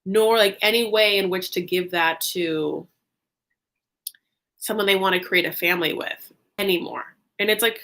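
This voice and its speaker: Woman vlogger for a reality-TV recap, bright, forceful voice, chatty and filler-heavy. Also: medium pitch, normal speed. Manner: chatty, heavy use of "like", animated asides. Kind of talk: casual gossipy recap vlog.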